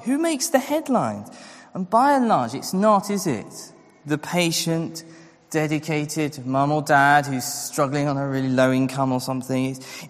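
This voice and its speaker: A man preaching a sermon, earnest and full of rhetorical questions, acting out the voices he quotes. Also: fairly high pitch. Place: church. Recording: long hall reverb.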